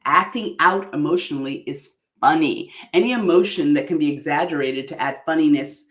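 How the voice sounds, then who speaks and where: A woman coaching on public speaking in an animated, exaggerated way that is broken up by frequent laughs. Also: sits low, fairly quick, reverberant. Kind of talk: online workshop talk.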